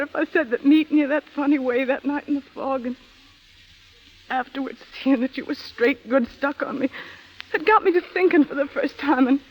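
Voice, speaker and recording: Brief: tough young woman, very high voice, slangy and defiant, old-time radio drama. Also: rough recording. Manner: slangy, tough street talk. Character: hard-bitten young woman, bitter and defiant. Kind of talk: 1930s radio drama acting.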